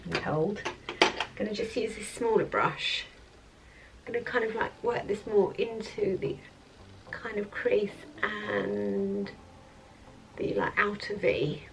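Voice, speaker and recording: A woman vlogger chatting in a rambling way through a makeup tutorial at her office, sometimes dropping to soft murmurs. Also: mid-range voice, vocal fry, noisy background. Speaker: beauty vlogger. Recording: mic at a distance, faint background music.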